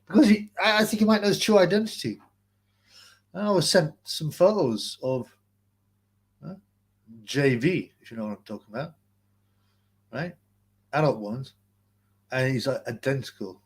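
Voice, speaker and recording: A man's voice: mid-range voice, slightly rough. A man hosting a casual livestream, rambling and mocking as he reads out greetings from chat. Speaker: livestream host.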